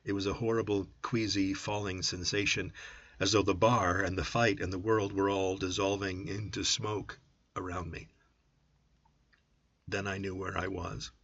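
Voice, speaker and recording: A man narrating a first-person story as an audiobook, with an intense, brooding delivery that drops to a hush at times. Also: low-pitched, level tone, unhurried, no echo. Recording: dull lo-fi audiobook recording.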